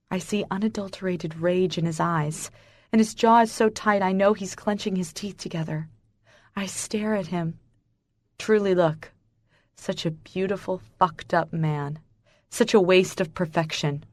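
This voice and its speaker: A woman's voice: lowish voice, normal speed, no room sound, clean studio sound. A woman narrating a romance audiobook in the first person, with intense emotional storytelling.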